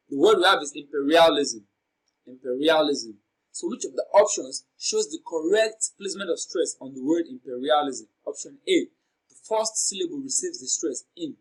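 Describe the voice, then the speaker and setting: Exam tutor, male, fairly high voice, deliberate and methodical, drills words by repeating them slowly. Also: rough recording. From Nigeria. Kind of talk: lesson on exam questions.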